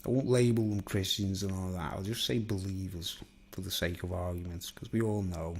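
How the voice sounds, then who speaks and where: A man's voice: sits low, fairly even intonation, normal speed, darkish tone, slight background noise. A man delivering a digressive, conspiratorial solo monologue, constantly seeking agreement. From England. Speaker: vlogger.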